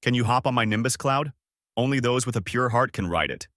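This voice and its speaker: A man's voice: medium pitch, a little fast, fairly bright tone, no echo, studio quality, close to an everyday voice. A man voicing a cheerful, naive young fighter boy who talks simply and earnestly.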